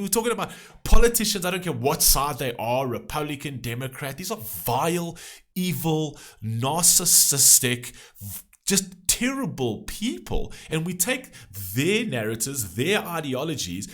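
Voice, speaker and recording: A man reacting to a music video launches into an impassioned rant. His pitch swings widely as he pushes his points, firing off rhetorical questions and frequent curses at a middle pitch. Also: fairly bright tone. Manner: passionate, ranting, swears often.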